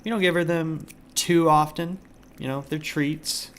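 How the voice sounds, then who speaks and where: A man live-streaming a game from his home computer desk, chatting casually with viewers and cooing softly at his cat. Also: on the high side, steady tone, a little slow, noisy background. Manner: chatty, talks to his cat in a soft doting voice.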